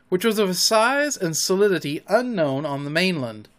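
A man narrating a children's classic in an audiobook, with an expressive storybook reading. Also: a little high, normal speed.

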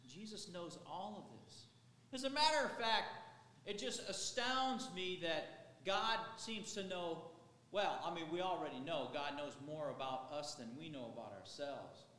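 High-voiced man preaching in a hall. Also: lively intonation, measured pace, pushed and bright. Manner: conversational, rambling preaching with restarts. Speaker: pastor. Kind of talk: sermon. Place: church sanctuary. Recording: echoey hall with faint ambience.

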